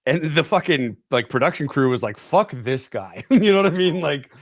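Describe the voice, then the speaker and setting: A man's voice: fairly high pitch, animated, brisk, dry recording, studio quality. A young man guesting on a podcast, telling a rambling story and leaning on "like" and "dude". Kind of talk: casual storytelling chat. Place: podcast studio.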